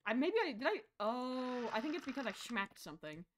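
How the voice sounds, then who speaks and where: A woman streamer chatting through a horror game, swinging between shouted insults and quiet mumbling asides, rambling and joking with her chat. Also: on the high side, big pitch swings, a little fast, slight background noise.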